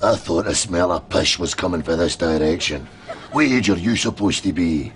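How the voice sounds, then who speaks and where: An actor playing a crude, menacing Scottish hard man, with a deadpan Scottish accent. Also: sits low, normal speed, a little hiss or hum, natural voice.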